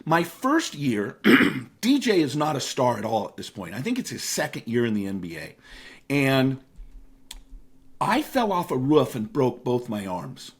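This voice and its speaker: A man in his fifties from the Seattle area, a guest telling lively anecdotes with frequent fillers in a casual interview. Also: medium pitch, a little slow, slightly rough. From Seattle area, United States. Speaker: guest, speaker and author.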